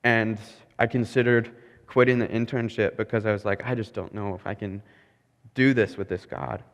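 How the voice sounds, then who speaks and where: A young man preaching a sermon, telling a personal story in a candid, self-mocking way and laughing at himself as he goes. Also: fairly low pitch. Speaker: pastor. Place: church sanctuary. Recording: long hall reverb.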